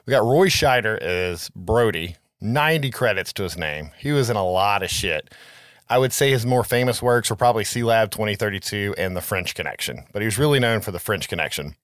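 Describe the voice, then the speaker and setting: A man's voice: fairly low pitch, lively intonation, brisk, fairly bright tone, no room sound. Swearing rambling podcast guy, dry sound. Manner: rambling, swears freely, lots of "like" and "right?". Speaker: podcast co-host. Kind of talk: casual podcast chat about a film.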